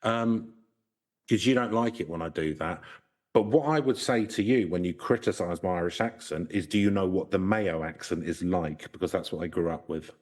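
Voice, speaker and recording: Man, podcast co-host, lowish voice, casual banter, reads from notes, joking, stumbles and restarts. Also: a little mellow. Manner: joking, with halting restarts around the script.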